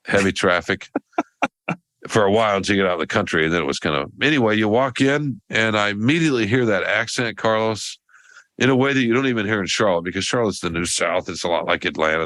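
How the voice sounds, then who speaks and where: A man's voice: low-pitched, fairly bright tone, dry recording. A man co-hosting a podcast, telling a long, rambling story in casual chat with many restarts. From American South. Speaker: podcast co-host.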